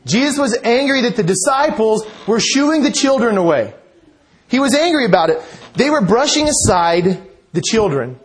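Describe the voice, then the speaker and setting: High-voiced man preaching a sermon. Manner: conversational preaching with asides. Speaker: pastor.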